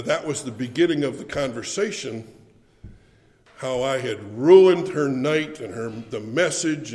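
A man's voice: medium pitch, darkish tone, big-room sound. A man preaching a sermon, telling a funny story with playful swings in his voice.

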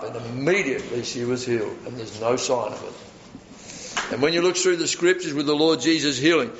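A man's voice: medium pitch, dull audio, slight background noise. Man preaching in a conversational tone. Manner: conversational Bible teaching with asides and rhetorical questions. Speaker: pastor. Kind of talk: sermon.

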